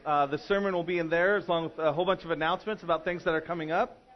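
Pastor from California, male, high-pitched, chatty sermon delivery, muffled recording. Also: steady tone, rapid-fire. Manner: conversational preaching with frequent restarts and fillers.

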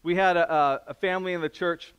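A man's voice: high voice, steady tone, fast, smooth. A middle-aged man preaching a sermon as pastor, in a casual, conversational way. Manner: casual, conversational preaching with restarts and acted-out quotes; drops to a soft, quiet voice in prayer.

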